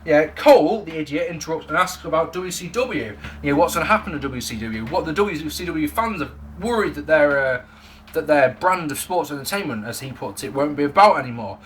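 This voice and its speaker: Animated, sweary young man. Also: a little high, a little fast, a little hiss or hum. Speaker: wrestling reviewer. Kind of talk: casual spoken review to camera.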